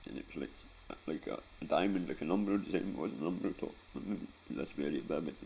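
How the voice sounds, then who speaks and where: A man's voice: very deep voice, fast, gravelly, mellow, slight background noise. A Scottish man in his forties telling a painful personal story in a rambling, sweary way, close to tears and often tagging on "right?". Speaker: vlogger.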